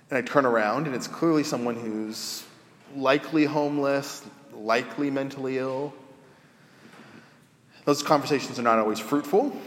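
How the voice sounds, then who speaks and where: A man preaching a sermon as pastor, telling stories in a relaxed, conversational way and acting out the people he quotes. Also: mid-range voice. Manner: conversational storytelling, acts out quoted voices. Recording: roomy echo with long reverb.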